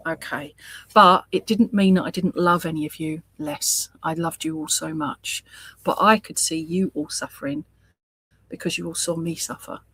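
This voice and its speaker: A woman giving a live mediumship reading, speaking gently and reassuringly and often murmuring sympathy. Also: low-pitched, moderate pace, breathy edge, no echo. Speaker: spiritualist medium.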